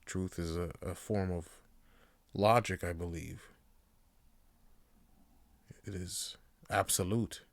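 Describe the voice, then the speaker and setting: A man's voice: low-pitched, steady tone, slow pace, vocal fry, long pauses, dry recording. A man hosting a podcast, talking in a casual, rambling way and ranting with plenty of swearing. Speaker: podcast host.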